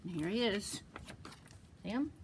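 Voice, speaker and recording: Children's librarian at storytime, slow, bright, lively sing-song read-aloud. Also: female voice, medium pitch, a little hiss or hum.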